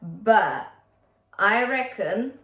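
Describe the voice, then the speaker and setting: A woman's voice: medium pitch, expressive, extremely slow, a bit bright, roomy sound. A woman vocal coach teaching a singing lesson, upbeat and encouraging, often checking in with her students.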